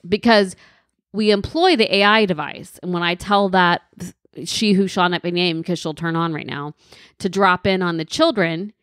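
A woman in her thirties co-hosting a casual podcast, animated and teasing, her pitch swooping up. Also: no echo, clean studio sound. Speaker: podcast co-host. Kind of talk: casual chat.

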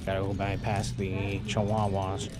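A man's voice: low voice, completely flat delivery, a little slow, over loud music. A man vlogging while out with his dog, chatting casually and talking fondly to the dog. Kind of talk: casual running commentary. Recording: loud background noise outdoors.

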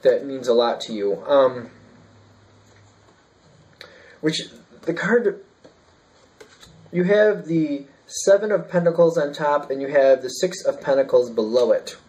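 A man's voice: medium pitch, animated, unhurried, darkish tone, rough recording. A man giving a casual tarot reading, thinking aloud and rambling with fillers and restarts. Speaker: tarot reader.

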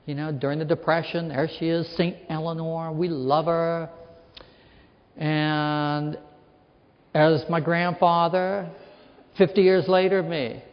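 A man's voice: on the high side, little pitch movement, slow. Guy from western pennsylvania doing a funny storytelling lecture, muffled lo-fi sound, big reverb. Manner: anecdotal, acts out quoted people in his stories. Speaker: author giving a lecture. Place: lecture hall. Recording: reverberant hall, dull lo-fi sound.

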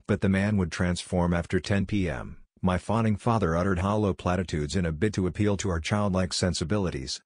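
A man narrating a scary story in a measured, grave storytelling delivery. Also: low voice, darkish tone, dry recording, clean studio sound. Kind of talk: scripted horror story narration.

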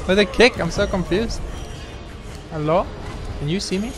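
A man's voice: high-pitched, moderate pace. A young man commenting on his own gameplay, swearing heavily and ranting at the game. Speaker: let's play gamer. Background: game music.

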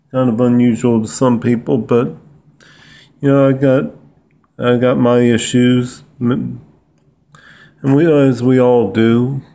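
A middle-aged man with a low, gravelly, mellow voice speaks slowly to the camera. He rambles earnestly, stumbling over words and starting his sentences again. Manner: halting, repeats words and restarts often. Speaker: vlogger. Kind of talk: rambling personal monologue.

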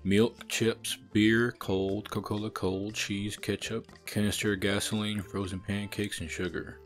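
A young man with a low voice rants through a let's play, exasperated and full of slang and cursing. Faint game music plays behind him. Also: flat delivery, unhurried. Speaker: gaming streamer.

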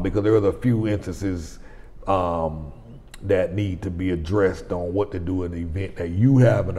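A man's voice: low voice, dark tone. A man in his forties hosting his own vlog, telling a personal story in a rambling, conversational way with frequent restarts. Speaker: vlogger host. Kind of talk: casual storytelling to camera. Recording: long reverb.

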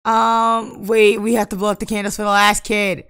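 A woman giving casual Let's Play commentary, exasperated and bursting into loud outbursts at the game. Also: medium pitch, level tone, moderate pace, hardly any pauses, smooth. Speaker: gaming YouTuber.

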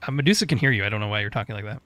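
A man's voice: on the low side, expressive, very fast, fairly bright tone, dry recording. A congested man hosting a co-op game live stream, casually greeting and thanking viewers one by one.

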